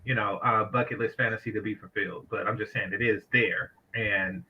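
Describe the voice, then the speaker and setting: A man's voice: on the low side, fairly even intonation, brisk, breathy edge, highs cut off. A man in a casual chat, stumbling and repeating words with many fillers.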